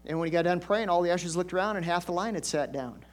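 A man's voice: high-pitched, fast talker, slight background noise. Older male pastor preaching folksy stories. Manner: conversational, folksy, emphatic swells. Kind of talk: storytelling sermon.

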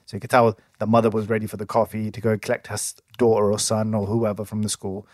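A man's voice: lowish voice, flat delivery, quick pace, a little mellow. Rambling man telling a story. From England. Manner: rambling storyteller with many restarts and fillers. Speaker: podcast co-host. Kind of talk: casual chat.

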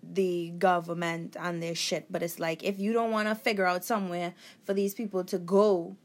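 A woman with a lower voice than most, talking in a casual podcast chat. She speaks candidly and bluntly. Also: fairly even intonation, moderate pace.

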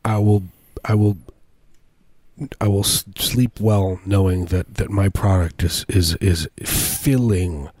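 A man co-hosting a casual comedy podcast, rambling and joking, now and then slipping into high mocking voices. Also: little pitch movement, a little slow, a little mellow, dry recording. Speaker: podcast co-host. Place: Portland, Oregon.

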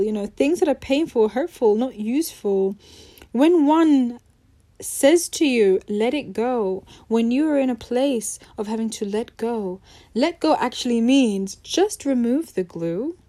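A woman's voice: fairly high pitch, warm tone. A young adult woman hosting a podcast, talking earnestly and conversationally about letting go, laughing easily now and then. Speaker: podcast host. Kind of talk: reflective self-help talk.

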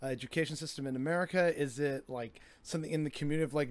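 A man's voice: on the high side, rapid-fire, hardly any pauses, darkish tone. A man in casual conversation, talking in a reflective, hesitant way with many fillers.

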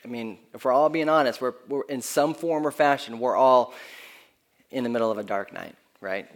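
Earnest man preaching, voice fairly high. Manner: earnest, conversational preaching with frequent restarts. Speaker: pastor. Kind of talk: sermon.

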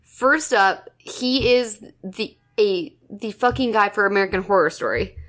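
A woman's voice: medium pitch, a little slow, a bit bright. A woman co-hosting a casual podcast who picks the movie apart with blunt, profane commentary. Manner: blunt and profane, riffing critically. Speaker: podcast co-host. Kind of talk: casual movie recap chat.

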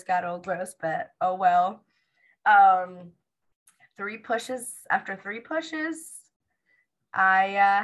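A woman's voice: mid-range voice, poor audio. A young woman casually telling viewers the story of giving birth, acting out what the nurse and doctor said. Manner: animated retelling, acts out quoted dialogue. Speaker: mother sharing her birth story.

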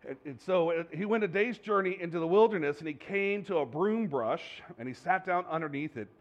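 A pastor with a fairly high voice preaches to his congregation in a chatty way, tossing out rhetorical questions. He stumbles, restarts and jokes about his own slips, speaking animatedly and a little fast. The lo-fi recording sounds dull, with the highs rolled off.

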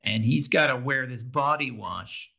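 A man's voice: medium pitch, measured pace, gravelly, sharp tone. A man co-hosting a podcast, casually recapping a TV episode in a rambling way with lots of fillers and restarts. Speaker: podcast co-host.

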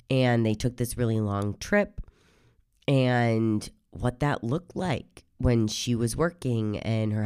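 A woman hosting a podcast, talking casually in a rambling, chatty way while hoarse from a cold. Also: a bass voice, darkish tone, dry recording, studio quality. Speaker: podcast host. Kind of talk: casual podcast intro monologue.

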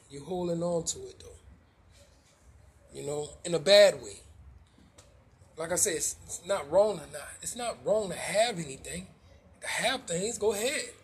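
A man's voice: high voice, a little hiss or hum. A man preaching informally, firing rhetorical questions, restarting phrases and dropping slangy asides.

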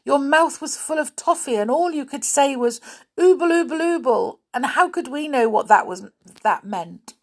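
A woman voicing an upset young girl in a storybook reading, high and quick with a sobbing edge. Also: expressive.

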